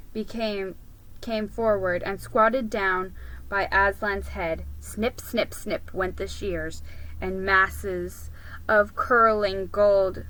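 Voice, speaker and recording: A woman reading a story aloud, unhurried, with occasional slips and restarts. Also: mid-range voice, low-quality recording. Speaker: reader.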